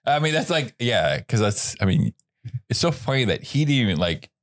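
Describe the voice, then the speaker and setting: A man co-hosting a podcast in casual chat, relaxed and swearing freely, with lots of "like" filler. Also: mid-range voice, moderate pace. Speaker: podcast co-host.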